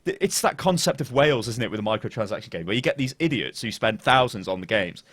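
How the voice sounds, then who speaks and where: British male podcast host, animated and rambling, dry close sound. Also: medium pitch, fast, dry recording. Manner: rambling, lively, swears, trails off and restarts. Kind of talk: casual gaming podcast chat.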